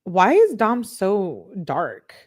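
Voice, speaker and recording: A woman's voice: medium pitch, wildly swooping pitch, very slow, darkish tone. A young woman hosting a casual chat, reading text messages aloud and breaking off with laughing reactions and asides. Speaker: true crime commentary host.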